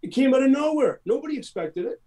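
A man's voice: extremely high pitch, very animated, fast talker, warm tone. A middle-aged Canadian man, a musician guest in a casual interview, talking in an emphatic, rambling way.

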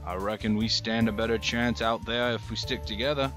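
A man's voice: lowish voice, steady tone, brisk, over music, natural voice. A man doing a shifting-accent ex-priest survivor. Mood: friendly. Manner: accent keeps changing.

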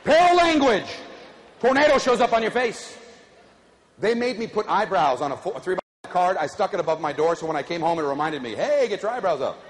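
A middle-aged man giving an animated keynote speech to a live audience, drawing call-and-response from the crowd. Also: high voice, a little fast. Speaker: motivational speaker. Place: large conference hall. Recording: echoey hall, faint ambience.

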